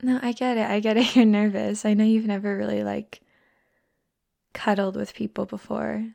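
A woman's voice: mid-range voice, little pitch movement, normal speed, creaky, no room sound. A woman doing a teasing, whispery young friend. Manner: soft teasing whispers and giggles. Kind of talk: whispered role-play.

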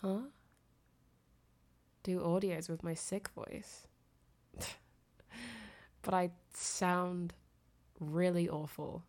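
A young woman, sick and nasal with a fever, talking softly and intimately in a girlfriend phone-call role-play, often giggling and trailing off. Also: fairly low pitch, fairly even intonation, drawn-out words, pauses often. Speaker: audio creator.

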